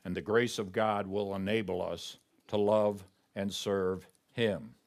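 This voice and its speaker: Slow-speaking male pastor preaching. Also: on the low side, steady tone. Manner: emphatic preaching, reading scripture aloud. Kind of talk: sermon.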